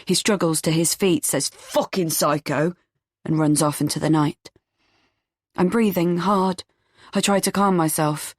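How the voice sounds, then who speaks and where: A woman reading a first-person audiobook in a tense, measured storytelling manner. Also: on the low side, fairly even intonation, no echo, studio quality. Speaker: audiobook narrator.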